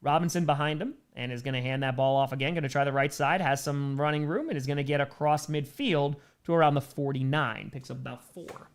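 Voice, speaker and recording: A man's voice: on the high side, fairly quick, few pauses. Upbeat man calling football plays live. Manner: calls plays in a running broadcast cadence, then reads viewer messages. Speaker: live stream host doing play-by-play. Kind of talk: casual play-by-play commentary with chat reading.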